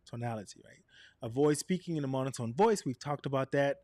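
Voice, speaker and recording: In a presentation coaching session about camera presence, a man with a medium-pitched voice talks a little fast, with no echo. Animated, he often throws in "right?" and changes his tone to show what he means.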